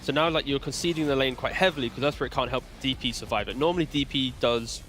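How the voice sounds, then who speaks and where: A man analysing a match on an esports broadcast desk, his words tumbling out quickly. He banters easily with his colleagues, and a soft bed of music sits underneath. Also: mid-range voice. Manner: fast, animated, banter-prone. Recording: faint music behind.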